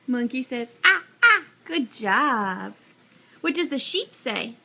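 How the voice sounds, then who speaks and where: A mother talks to her baby in a home video, her voice high and bright. She coaxes with slow, sing-song questions and gentle praise. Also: expressive, creaky.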